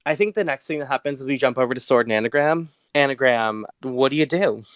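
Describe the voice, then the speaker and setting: A man's voice: mid-range voice, quick pace, dry recording. A man narrating his moves in a tabletop game, in a loose storytelling way with many fillers. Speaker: player.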